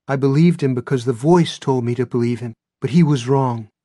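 A man's voice: mid-range voice, a little fast, warm tone, no room sound, clean studio sound, voice pushed up, close to an everyday voice. A man voicing an earnest young woman, hurt but insisting firmly.

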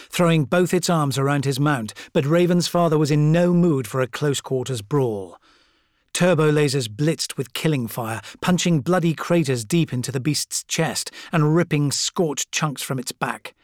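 A man's voice: fairly high pitch, normal speed, a little mellow, no room sound. Male narrator, scripted fantasy audiobook reading, dramatic, dry close sound.

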